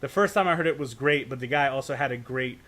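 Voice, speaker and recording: A man's voice: mid-range voice, fast, fairly bright tone. A man co-hosting a podcast, talking in a loose, profane ramble, often checking in with "right?" and stumbling over restarts. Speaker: podcast co-host. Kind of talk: casual podcast discussion.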